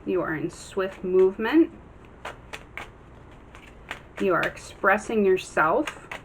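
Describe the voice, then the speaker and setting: A woman's voice: medium pitch, animated, takes it slowly, slight background noise. Encouraging woman giving a tarot reading. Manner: earnest, encouraging, many ums and restarts. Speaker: tarot reader.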